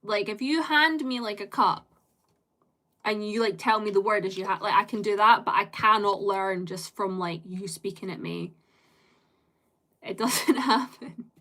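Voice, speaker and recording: A woman's voice: medium pitch, unhurried, a bit bright. A woman live streamer chatting with her viewers in a loose, rambling way. She strings thoughts together with constant fillers and drops casual swear words.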